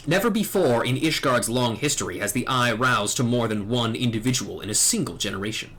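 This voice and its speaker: A man's voice: medium pitch, fairly bright tone, breathy edge. A man voicing a grave, formal older knight who once taught dragoons, read out from a game. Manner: formal, grave storytelling delivery.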